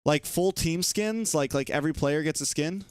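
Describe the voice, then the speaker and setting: A young man, an esports shoutcaster, chatting casually and slangily on a live stream and laughing easily. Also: a little high, normal speed, clean tone, dry recording, studio quality.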